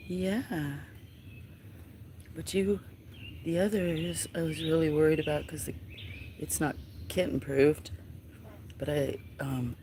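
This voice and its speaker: A livestream host chatting casually with viewers, switching to soft baby talk and hushed whispers for a kitten, outdoors near home. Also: mid-range voice, slight background noise. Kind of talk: casual live stream chat.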